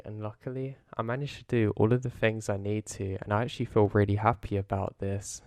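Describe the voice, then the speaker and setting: A man calmly narrating a first-person horror story in a low-key way. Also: gravelly, no room sound, clean studio sound. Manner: calm, low-key retelling.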